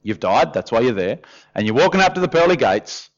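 A man's voice: mid-range voice, a little fast, muffled recording. A man preaching a sermon in a conversational way, often acting out voices. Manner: lively, conversational, often acts out quoted voices. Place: church hall.

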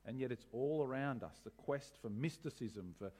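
A man preaching a sermon as pastor, animated, asking rhetorical questions with wry humor. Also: mid-range voice, moderate pace.

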